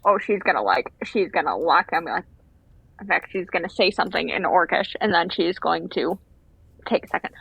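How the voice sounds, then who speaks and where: A woman's voice: fairly low pitch, animated, normal speed, gravelly, a bit bright, breathy edge, no echo, poor audio. A woman playing a tabletop game, describing what her character does in third person. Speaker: player.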